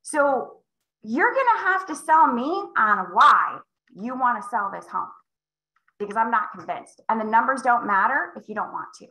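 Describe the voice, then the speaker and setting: A woman sales coach leading a live call, emphatic and acting out client conversations with big swings in pitch. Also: big pitch swings, moderate pace, pushed and bright, reverberant, low-quality recording. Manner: emphatic, role-plays client dialogue with big pitch jumps. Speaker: real estate sales coach.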